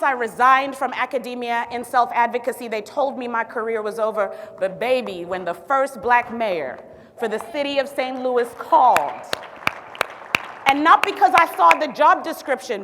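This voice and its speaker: A woman physician from Zimbabwe tells her story on stage and keeps dropping playful asides to the crowd. Her voice sits a little high. A long reverb trails each phrase through the large hall. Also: a little hiss or hum. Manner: sassy, animated asides to the audience. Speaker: physician and city health director speaking on stage. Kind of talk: storytelling public talk.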